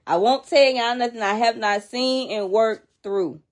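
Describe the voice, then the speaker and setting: A woman's voice: fairly high pitch, measured pace. A woman casually explaining to viewers why children act out, talking chattily and emphatically and checking in with her listeners as she goes. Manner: chatty and emphatic, repeats and restarts while explaining; addresses listeners directly, checking in with "okay?" and "you know what I'm saying?". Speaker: child behavior educator.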